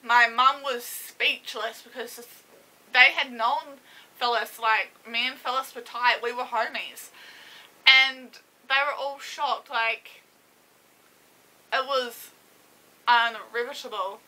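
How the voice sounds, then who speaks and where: A young woman sits and tells a personal story to her camera. Her voice is fairly high and sharply bright. She talks casually, pausing and restarting as she holds back tears. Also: steady tone, low-quality recording. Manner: emotional, halting, fighting back tears. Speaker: vlogger. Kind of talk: casual story-time vlog. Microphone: camera mic, seated.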